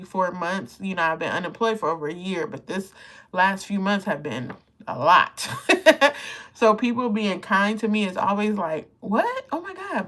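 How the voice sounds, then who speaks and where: Woman near fifty, chatty beauty livestream host, laughs easily, even mid pitch. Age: around 50. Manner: chatty, emotional, laughs often, talks to viewers while applying makeup. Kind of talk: casual live makeup chat.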